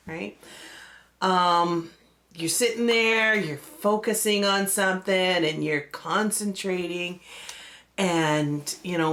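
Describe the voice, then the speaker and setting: A woman pastor telling a personal story in a relaxed way, with lots of fillers and acted-out quoted voices. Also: mid-range voice.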